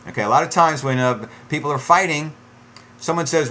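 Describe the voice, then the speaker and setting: A man's voice: mid-range voice, animated, normal speed, pushed and bright. A middle-aged man giving relationship advice in an unscripted, conversational way, with many fillers and restarts and acted-out quotes.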